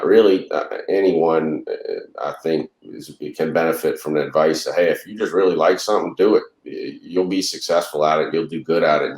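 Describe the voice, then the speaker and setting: Deep-voiced man telling a rambling story. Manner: rambling, acts out dialogue in anecdotes. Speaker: reptile breeder guest. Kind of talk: casual storytelling. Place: lives in Louisiana. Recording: roomy echo.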